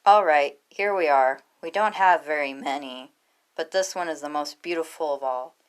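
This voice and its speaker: A woman voicing a greedy male creature dealer with a loud, laughing sales patter in a read-aloud story. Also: low voice, moderate pace, clean tone, natural voice. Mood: pushy.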